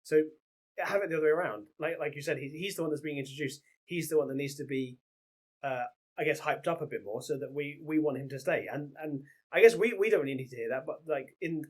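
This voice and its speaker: A young man co-hosting a casual review chat, his voice slightly husky and a bit high for a man. He talks in a loose, chatty way, laughing along and drifting into side remarks. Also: quick pace. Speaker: co-host reviewer.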